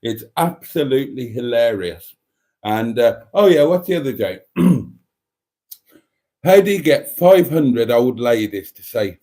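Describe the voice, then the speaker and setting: A man's voice: medium pitch, lively intonation, measured pace, mellow. A man from Britain hosting a live stream, chatting casually and rambling between jokes. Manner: rambling, jokey, theatrical.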